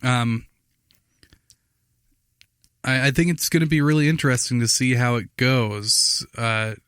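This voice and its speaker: A man's voice: mid-range voice, fairly even intonation, unhurried, fairly bright tone, clean tone, no echo, clean studio sound. A man co-hosting a podcast in casual chat, rambling as he explains, with many restarts. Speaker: podcast co-host.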